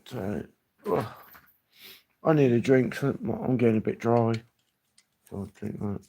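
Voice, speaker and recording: A man with a gravelly voice, hosting a live stream and chatting loosely. He rambles from memory to memory, his sentences trailing off as he goes. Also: medium pitch, a little slow, dark tone. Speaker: livestream host. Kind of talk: casual reminiscing chat.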